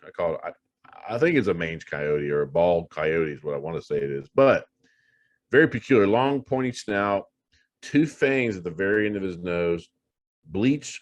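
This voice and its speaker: Middle-aged male guest with a deep voice; lively, profane, repetitive storyteller. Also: dry recording. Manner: animated, swears freely, repeats himself for emphasis. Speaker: paranormal investigator guest. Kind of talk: casual storytelling.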